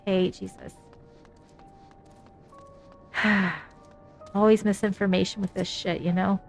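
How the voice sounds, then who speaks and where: A woman's voice: medium pitch, little pitch movement, takes it slowly, gravelly, long pauses, soft background music. A woman streaming a game live, chatting casually, giggling, teasing and swearing freely.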